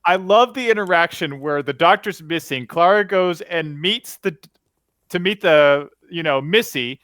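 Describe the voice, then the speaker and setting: A man's voice: fairly high pitch, unhurried, fairly bright tone, no echo. Blunt, opinionated man on a dry mic. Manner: opinionated, blunt, laughs at his own stories. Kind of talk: casual fan discussion.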